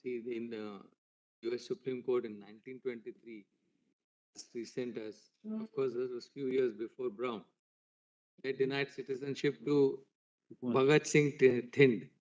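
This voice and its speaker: Male courtroom voice, mid pitch, soft aside, dull lo-fi audio. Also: level tone, a little slow. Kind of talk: courtroom remarks.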